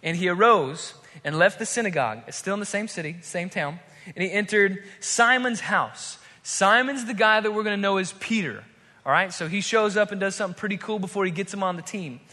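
A man delivers a sermon in a high, bright voice, acting out the story as he tells it. The sound carries the long reverb of a large hall. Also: brisk. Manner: animated storytelling, acts out crowd and demon voices. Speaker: pastor.

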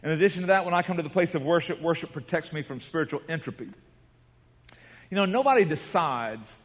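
Pastor guy preaching, kinda high voice, big hall echo, goes quiet then loud. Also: lively intonation, fairly quick. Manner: dramatic storytelling, swings from hushed to shouting. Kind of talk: sermon. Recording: long reverb of a large hall.

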